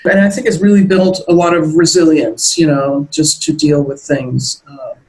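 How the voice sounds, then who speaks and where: A woman's voice: low voice, fairly even intonation, moderate pace, a little mellow, rough recording. A middle-aged American woman being interviewed as a guest, talking in a reflective, meandering way with many restarts. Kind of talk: casual interview chat.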